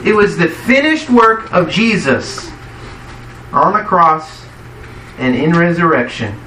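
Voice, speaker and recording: A man's voice: a little high, lively intonation, slow pace, sharp tone, a little hiss or hum. A man preaching a sermon in a conversational way, often asking his listeners questions. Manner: conversational, asks the congregation questions. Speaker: pastor. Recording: echoey hall, mic from a distance.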